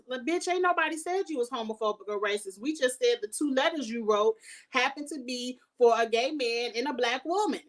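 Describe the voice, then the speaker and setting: A woman's voice: high voice, brisk, distant mic. Sassy, blunt woman recapping reality TV. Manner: sassy, shady, blunt commentary. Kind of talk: casual review vlog.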